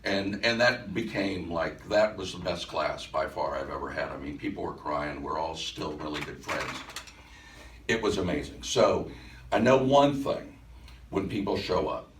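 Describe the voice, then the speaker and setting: A man with an extremely low voice recounts a class demonstration to a live audience, stopping to restart his sentences and playing out both sides of a conversation. He is picked up by a distant mic in an echoey room with a faint hiss. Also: measured pace. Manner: conversational, with frequent restarts and acted-out dialogue. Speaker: hypnosis instructor. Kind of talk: storytelling lecture to a live audience.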